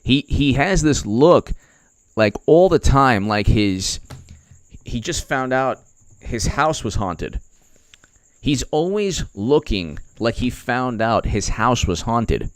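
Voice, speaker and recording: A man's voice: medium pitch, animated, slow pace, clear, resonant tone, no echo. A man hosting casual political commentary, rambling with many fillers and slipping into mocking impressions.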